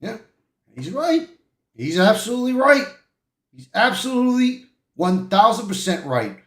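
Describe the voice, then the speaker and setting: A man's voice: high voice, big pitch swings, unhurried, reverberant. A man hosting a live-stream reaction, talking emotionally and emphatically and repeating himself. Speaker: channel host.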